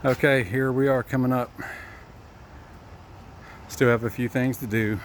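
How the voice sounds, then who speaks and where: A man's voice: mid-range voice, steady tone, measured pace, a little hiss or hum. A contractor, slightly out of breath, gives a plainspoken walkthrough of finished work, often restarting sentences as he points things out. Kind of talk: casual walkthrough update. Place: outdoors at a building site.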